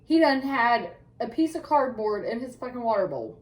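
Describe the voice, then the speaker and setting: A woman's voice: fairly high pitch, big pitch swings, moderate pace, distant mic. A woman co-hosting a casual podcast, telling stories in a matter-of-fact way with frequent laughs and swearing. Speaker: podcast co-host. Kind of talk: casual profane chat.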